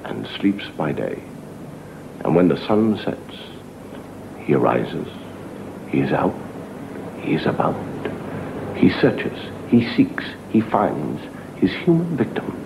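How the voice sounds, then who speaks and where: A man telling a comic horror story with a dramatic delivery, dropping to a hushed whisper and swelling again. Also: lowish voice, gravelly. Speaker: comedian storyteller. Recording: dull hissy old TV recording.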